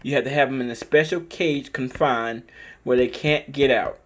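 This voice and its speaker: Profane, animated man telling a story. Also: mid-range voice, normal speed. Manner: animated, profane, emphatic retelling; repetitive, conversational phrasing. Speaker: dog owner telling a story. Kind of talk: casual storytelling vlog.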